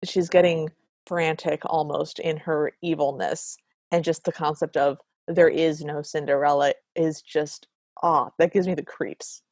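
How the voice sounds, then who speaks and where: A woman's voice: deep voice, steady tone, unhurried, a little mellow, no echo, clean studio sound. A woman co-hosting a podcast, narrating film scenes in detail in a chatty, casual way. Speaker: podcast co-host. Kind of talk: casual recap chat.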